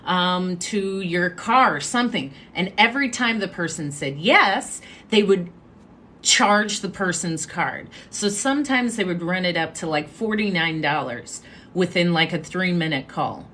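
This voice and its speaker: A woman hosting a live stream, telling a story in a chatty, animated way and making asides to her viewers. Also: on the low side, a little slow, slight background noise. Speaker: livestream host.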